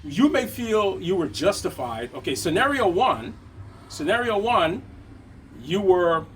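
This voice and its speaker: A man's voice: high-pitched, sing-song, unhurried, fairly bright tone, a little hiss or hum. A man teaching a conversational motivational lesson on business, checking in with frequent tag questions. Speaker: business coach.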